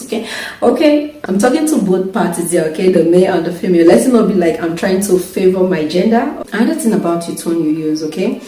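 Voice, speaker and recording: Brief: married woman vlogger, earnest advice on marriage, low warm voice, distant mic in an echoey room. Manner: earnest, repeats "okay?" often. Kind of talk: casual advice talk to camera.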